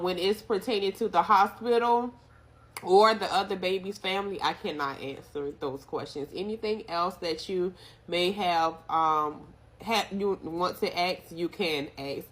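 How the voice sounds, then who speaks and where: Bright-voiced woman telling an animated story. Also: lowish voice, unhurried. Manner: animated, talks straight to viewers. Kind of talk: casual storytime to viewers.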